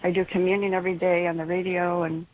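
Halting woman caller, flat delivery. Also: fairly low pitch, a little hiss or hum, rough recording. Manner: hesitant, halting, with many pauses and ums. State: emotionally strained. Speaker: radio caller. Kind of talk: call-in radio conversation.

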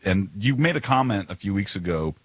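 A man's voice: fairly low pitch, animated, brisk, husky, no room sound. A man co-hosting a podcast, chatting casually and rambling with restarts. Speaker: podcast co-host. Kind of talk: casual chat.

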